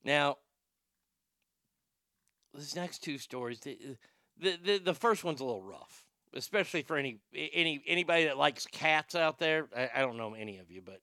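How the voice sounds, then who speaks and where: A man's voice: fairly high pitch, expressive, normal speed, pushed and bright, no room sound, studio quality. A man hosting a comedy show, ranting crudely with sarcasm and rambling restarts.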